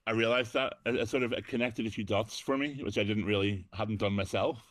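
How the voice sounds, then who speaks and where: A middle-aged Northern Irish actor and DJ chats casually as an interview guest in a lowish voice at a brisk pace. He is self-deprecating and says "um" often, and the recording is dry.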